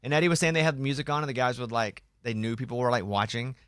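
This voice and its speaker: A man's voice: mid-range voice, fairly even intonation, quick pace, a bit bright, smooth, dry recording. Man hosting a studio chat, dry sound. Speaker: radio show host. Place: radio studio. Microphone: studio microphone.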